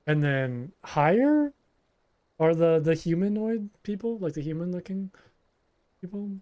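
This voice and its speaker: A man's voice: high-pitched, expressive, unhurried, dark tone. A man streaming a role-playing game, chatting casually and rambling with lots of fillers and restarts. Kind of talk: casual gameplay commentary, reading dialogue aloud.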